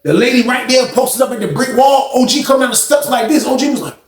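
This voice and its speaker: A man tells a story in a loose, rambling way, full of slang and asides. His voice sits fairly high. The room adds a noticeable echo. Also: fast talker. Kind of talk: casual storytelling.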